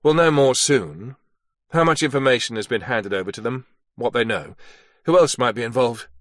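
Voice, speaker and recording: A man's voice: medium pitch, lively intonation, moderate pace, no room sound, clean studio sound, natural voice. A man voicing a curt male intelligence officer who speaks in clipped phrases.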